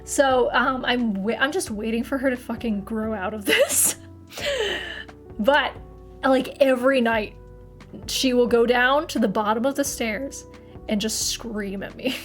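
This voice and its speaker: A woman's voice: on the high side, measured pace, faint music behind. A young woman streamer chatting casually to her live audience, rambling, swearing freely and laughing often.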